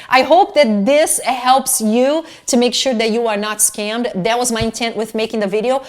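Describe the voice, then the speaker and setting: Casting: middle-aged woman, somewhat high voice, fired-up and indignant, swearing loosely in a home vlog. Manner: animated, indignant, swearing freely. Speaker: fashion vlogger. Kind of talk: casual vlog rant.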